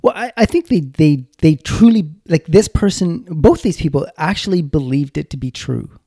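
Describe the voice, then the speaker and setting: Middle-aged guy cohosting a podcast, gravelly voice, rambly storytelling, dry sound. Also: on the high side, lively intonation, normal speed, warm tone, dry recording. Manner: rambling, restarts and self-corrections. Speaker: podcast co-host. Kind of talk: casual storytelling chat.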